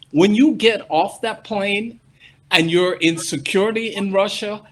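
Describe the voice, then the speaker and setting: A man's voice: sits high, a little hiss or hum. A man speaking as a panelist in a political discussion, emphatic and exasperated.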